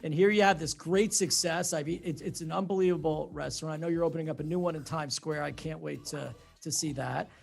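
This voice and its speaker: A man's voice: on the high side, steady tone, quick pace, gravelly, few pauses, soft background music. A man hosting an interview podcast, praising his guest and often restarting mid-sentence. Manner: enthusiastic, builds up the guest. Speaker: podcast host.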